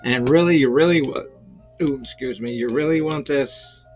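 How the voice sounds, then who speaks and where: Slow-talking rambling man in his sixties. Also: medium pitch. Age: 60s. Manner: rambling, jokey, full of fillers. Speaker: show host. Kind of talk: casual livestream chat. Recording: lo-fi sound with faint background music.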